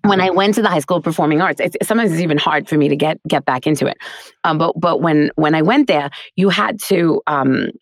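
Speaking fairly quickly in a deep voice, a middle-aged Queens native with a faint New York accent, a voice actor and teacher, shares animated stories in a laid-back interview, chatting freely and laughing often. The recording is dry and studio-clean.

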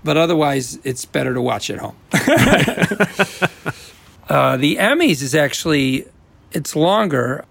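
A man from the American Midwest talks casually as an interview guest. His voice is gravelly and a touch high. He rambles, restarts and circles his point. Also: expressive, slow, fairly bright tone, no room sound. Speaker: guest actor.

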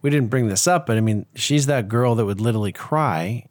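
A man's voice: medium pitch, brisk, darkish tone, no echo. A man co-hosting a casual talk show, chiming in with short, dry remarks. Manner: brief dry interjections. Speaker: podcast co-host. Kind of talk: casual chat.

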